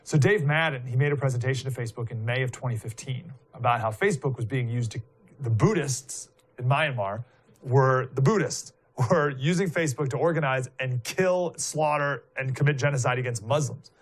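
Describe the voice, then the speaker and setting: A man's voice: mid-range voice, fairly quick. A man giving live political commentary in a casual, rambling way, full of fillers and rhetorical questions, sounding indignant and emphatic.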